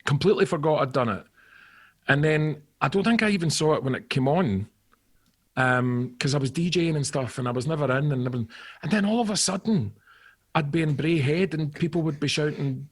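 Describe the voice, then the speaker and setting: A Scottish man in his forties, a guest actor on a podcast, telling animated stories and laughing often in casual chat. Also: fairly high pitch, brisk, slightly rough.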